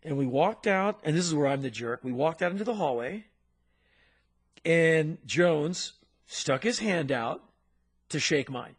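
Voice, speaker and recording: A man co-hosting a podcast, telling a story in an animated, punchy way with sound effects. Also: on the high side, measured pace, slightly rough. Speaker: podcast co-host. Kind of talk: storytelling in casual chat.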